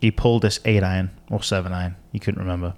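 A man's voice: low voice, steady tone, quick pace, darkish tone. A man co-hosting a podcast, telling a long story in casual chat with many fillers and restarts. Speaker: podcast co-host.

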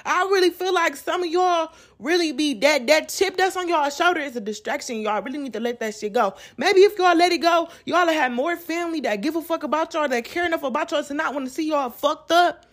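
A woman's voice: high-pitched, fairly quick, few pauses. Woman, ranting on her podcast, cussing a lot and mimicking people. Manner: profane, blunt, animated quoting of others. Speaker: podcast host. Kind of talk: casual rant.

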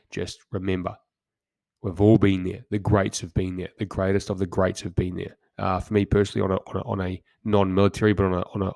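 Low, gravelly man giving motivational pep talk. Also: a little mellow, dry recording. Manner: direct, punchy exhortations with stumbling repeated words. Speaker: podcast host. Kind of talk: motivational podcast monologue.

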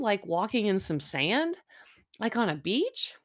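A woman's voice: medium pitch, sing-song, unhurried. A middle-aged woman hosting a podcast, chatting casually and sarcastically with lots of fillers and asides. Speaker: podcast host recapping a reality show. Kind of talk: casual chat. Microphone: close mic, chewing audible.

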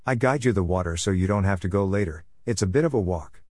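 A man's voice: sits low, fast talker, a little mellow, no room sound, clean studio sound. A man voicing a chatty young woman lawyer. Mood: friendly. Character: friendly young woman lawyer, a former classmate.

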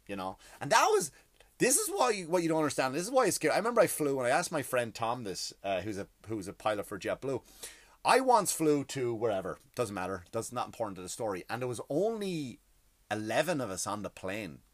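A man's voice: mid-range voice, very animated, fast talker. A man rants through a comedic podcast monologue, swearing often and restarting his sentences. His voice sits in a middle range. The sound is dry and close, with no room echo.

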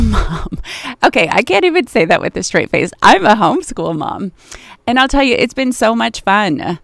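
A woman's voice: fairly low pitch, smooth, dry recording. Chatty woman podcast host, dry sound. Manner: warm, chatty, laughs at herself. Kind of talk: casual faith podcast chat.

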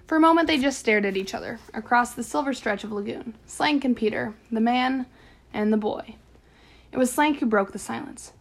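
A woman narrating a children's adventure novel aloud with expressive storytelling. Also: a little high, moderate pace. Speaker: audiobook narrator.

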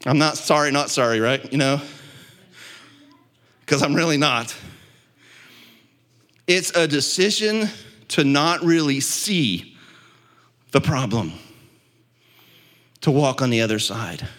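A man preaching a sermon as pastor, building to impassioned peaks and dropping to quiet, low stretches. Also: expressive, takes it slowly, long pauses. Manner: impassioned preaching, swelling louder and higher at peaks.

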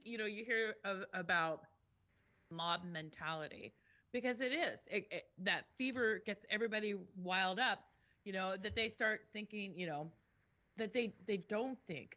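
A woman's voice: mid-range voice, pushed and bright, highs cut off. A woman giving blunt, emphatic opinions in a casual discussion, swearing freely.

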